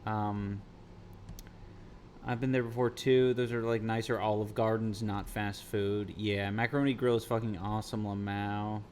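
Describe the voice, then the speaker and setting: A man's voice: lowish voice, level tone, moderate pace, a little mellow, a little hiss or hum. A man streaming, chatting casually with his viewers in a rambling, profane way. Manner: rambling, profane, reacting to chat. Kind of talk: casual livestream chat.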